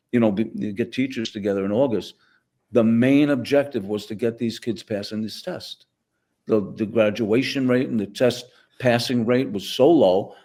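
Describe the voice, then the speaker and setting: A man's voice: mid-range voice, mellow. Older new guy from the bronx, guest on a podcast, tells his story and does everyone's lines. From the Bronx, New York. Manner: vivid storyteller acting out dialogue. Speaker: guest, former teacher. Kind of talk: conversational storytelling.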